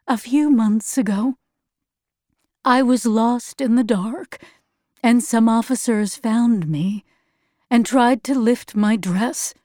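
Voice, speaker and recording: A woman voicing a sick, gentle mother who speaks softly and slowly. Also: a little high, dry recording, clean studio sound. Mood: weary. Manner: soft, slow and weary.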